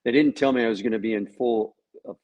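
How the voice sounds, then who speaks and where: A guest actor on a video call talks fast in a medium-pitched, a little mellow voice, joking through a casual interview about his role. He spins anecdotes that quote others' dialogue. High frequencies are cut off in the recording.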